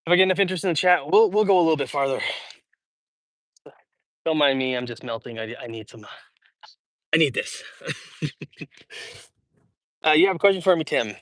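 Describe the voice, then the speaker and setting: A man's voice: on the high side, a little fast, long pauses, fairly bright tone, dry recording. A young man from Idaho hosting a casual walk-and-talk livestream outdoors in a park, hot and sweaty, chatty and rambling, with lots of fillers and restarts, reading and answering chat. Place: outdoors in a large public park.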